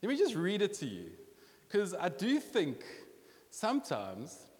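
Animated male preacher in a reverberant hall. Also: sits high. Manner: animated, conversational preaching with quick restarts. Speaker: pastor. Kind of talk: sermon.

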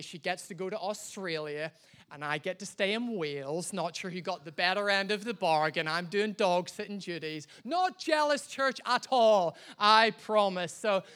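A man's voice: sits high, normal speed, a bit bright. A man preaches a live sermon at a church service. He tells a long personal story with self-mocking humor and speaks straight to the congregation. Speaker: pastor.

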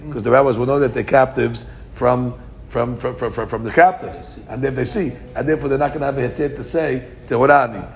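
A man's voice: mid-range voice, vocal fry, slight background noise. A man teaching a Talmud lesson, translating each phrase as he goes, often restarting words mid-line.

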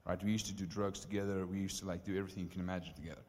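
A man with a South African accent, a pastor telling his story to a congregation in a casual, animated way full of "like" and "right?". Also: deep voice, rapid-fire, in a large hall. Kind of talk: storytelling sermon.

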